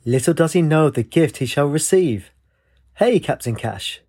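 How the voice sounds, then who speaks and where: A man's voice: on the high side, animated, normal speed, a little mellow, voice pushed up. A man voicing a sinister, flamboyant male sorcerer villain in a storybook reading, with a mocking, theatrical sing-song menace.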